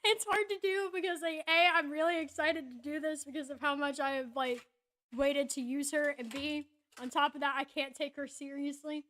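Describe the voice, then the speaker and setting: A woman narrating a tabletop game as game master, excited and giggly, with lots of fillers. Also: high voice, normal speed.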